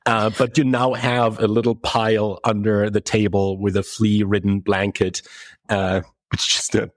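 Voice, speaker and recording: A man narrating a tabletop game as game master, with halting delivery and frequent restarts. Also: fairly low pitch, little pitch movement, no echo, studio quality.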